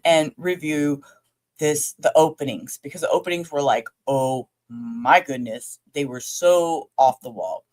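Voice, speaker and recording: Woman streamer, low and rambling. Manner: rambling, chatty, talks straight to viewers, casual swearing. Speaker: livestream host reviewing a trial. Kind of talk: casual livestream commentary.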